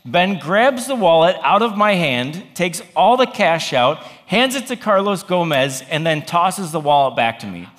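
A man's voice: a little high, sing-song, unhurried, hardly any pauses, a bit bright. A man, a campus pastor, telling a funny story in a sermon with wry, self-deprecating humor. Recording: long hall reverb.

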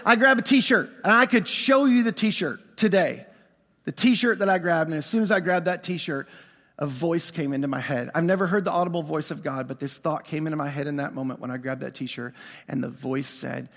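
A middle-aged man, a pastor, preaching a sermon with animated, self-mocking storytelling that acts out both sides of a conversation. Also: on the high side, moderate pace, vocal fry. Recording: long hall reverb.

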